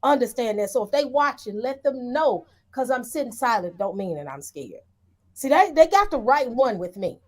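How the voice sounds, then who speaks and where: A woman on a panel discussion, talking forcefully and emphatically in a colloquial, heated way. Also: fairly high pitch, sing-song, moderate pace.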